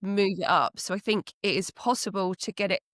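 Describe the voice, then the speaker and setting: A woman from England co-hosting a podcast in casual chat, relaxed and laughing easily. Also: mid-range voice, a little fast, dry recording, studio quality. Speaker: podcast co-host.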